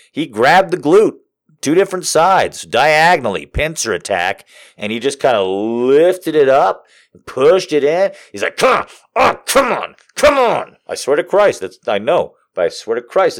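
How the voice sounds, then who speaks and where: A male comedian spins a story with an animated voice that leaps around in pitch. He swears freely and mocks himself along the way. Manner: animated, profane, self-mocking.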